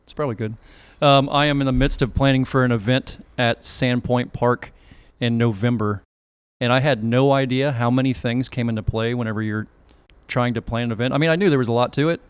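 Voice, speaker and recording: A man's voice: mid-range voice, fairly even intonation, brisk, clean tone, dry recording. A middle-aged man hosting a podcast, chatting casually and rambling a little with restarts. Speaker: podcast host. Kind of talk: casual chat.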